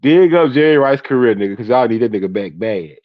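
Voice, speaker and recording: A man's voice: mid-range voice, expressive, fairly quick, no echo. Trash-talking man on a dull call. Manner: trash-talking, repeats himself. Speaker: panelist. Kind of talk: heated sports debate.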